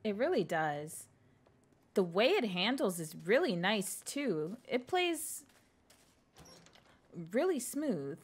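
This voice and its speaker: A woman's voice: mid-range voice, very animated, takes it slowly, pauses often, breathy edge. Jumpy young woman streaming a horror game. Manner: scared and jumpy, whispering and exclaiming, thanking viewers. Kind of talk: live horror game commentary.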